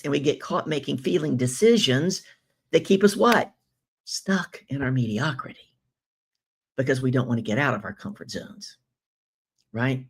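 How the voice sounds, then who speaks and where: A woman with a deep, creaky, husky voice hosts a live business-coaching show. She greets viewers and reads out their comments, animated and effusive, tossing in rhetorical questions.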